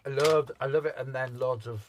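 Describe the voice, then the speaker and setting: A man's voice: mid-range voice, steady tone, a little fast, a crowd in the background. A man co-hosting a craft livestream from home, teasing and giggling as he reads out comments. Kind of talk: casual chat while crafting.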